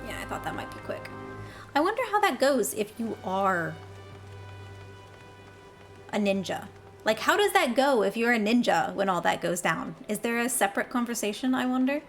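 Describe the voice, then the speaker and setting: A woman's voice: fairly high pitch, lively intonation, normal speed, pauses often. A woman in her thirties, a game streamer, chatting wryly and mocking herself as she plays. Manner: wry, chatty, self-mocking. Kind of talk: casual live-stream commentary. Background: game music.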